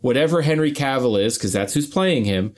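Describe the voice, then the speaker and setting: A man's voice: mid-range voice, animated, brisk. Man with a wry, hedging chat style. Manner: hedging, repeats "you know" and restarts. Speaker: podcast co-host. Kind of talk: casual chat.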